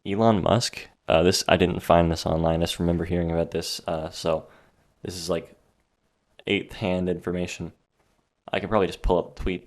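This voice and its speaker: Young male podcast host, deep voice, sarcastic rambling monologue, slightly winded. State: out of breath. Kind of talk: solo podcast rant.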